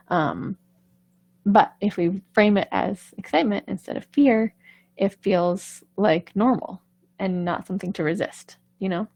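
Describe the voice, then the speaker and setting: A woman's voice: medium pitch, gravelly, darkish tone. A woman vocal coach talking casually on a live stream, chatty and reassuring, often checking in with "right?".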